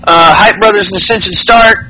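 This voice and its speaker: A man's voice: high-pitched, brisk, pushed and bright, soft background music, poor audio. A man hosting a podcast, giving a casual, rambling and profane recap of wrestling shows, full of fillers. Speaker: podcast host.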